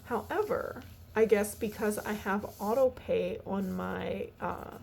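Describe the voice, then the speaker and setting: A woman walking through her family budget in a casual, halting way, tired and yawning, with lots of fillers. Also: mid-range voice, vocal fry, a little mellow, slight background noise. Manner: chatty, halting, many fillers and restarts. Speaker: budgeting vlogger.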